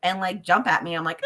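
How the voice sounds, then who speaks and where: A woman working as a ghost tour guide, telling a story on a talk show, acting out each person's lines and laughing often. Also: on the high side. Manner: lively storyteller who acts out every voice in the story; laughs often and jokes about herself. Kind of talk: animated anecdote on a talk show.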